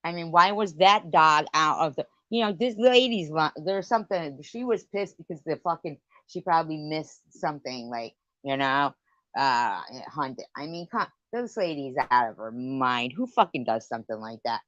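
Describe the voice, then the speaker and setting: A woman's voice: low-pitched, expressive, moderate pace, fairly bright tone, no echo, muffled recording. A woman hosting a late-night live stream chat, telling stories in a profane, rambling rant. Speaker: livestream host.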